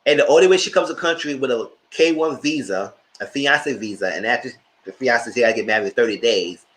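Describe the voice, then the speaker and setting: A man hosting a live show, giving animated, opinionated commentary on reality TV and talking straight to his viewers. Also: medium pitch, fairly quick. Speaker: host reviewing reality TV.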